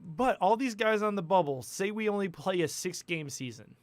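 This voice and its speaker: A man's voice: sits high, lively intonation, normal speed, no room sound. A man hosting a casual sports podcast, rambling and chatty, laughing often. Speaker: podcast host.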